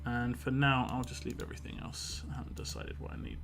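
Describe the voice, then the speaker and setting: A man's voice: mid-range voice, little pitch movement, fairly quick, vocal fry, few pauses, fairly bright tone, faint music behind. A British man chatting casually while live-streaming a mobile game and reading out viewer comments in a rambling, chatty way. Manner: chatty, rambling, reads chat comments aloud.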